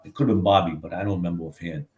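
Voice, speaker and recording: A man's voice: low voice, steady tone, very fast, darkish tone. An older man, telling stories as a guest, rambling and swearing freely. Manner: rambling, profane, many "you know what I mean". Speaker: guest, author. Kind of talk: casual storytelling.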